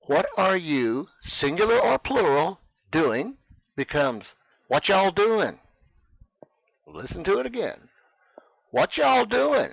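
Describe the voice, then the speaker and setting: A man teaching English in a scripted lesson, speaking clearly and with emphasis for learners. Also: fairly high pitch, big pitch swings, takes it slowly, dry recording, muffled recording.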